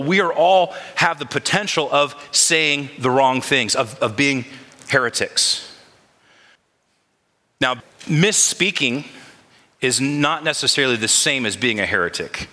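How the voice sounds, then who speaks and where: A man's voice: on the high side, a little slow, bright, forceful tone. A man preaching a sermon as pastor, talking conversationally and putting questions to his congregation. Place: church sanctuary. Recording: long reverb of a large hall.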